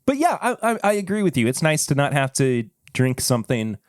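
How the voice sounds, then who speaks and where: A man's voice: a little high, brisk, dry recording, studio quality. Laid-back man hosting a podcast. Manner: relaxed, joking, laughs often. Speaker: podcast host. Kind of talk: casual chat while tasting whiskey.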